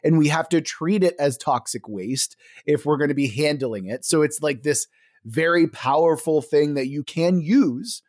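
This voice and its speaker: A man's voice: a little high, moderate pace, a little mellow. A man brainstorming a game setting in casual chat, enthusiastic and full of fillers, swearing now and then.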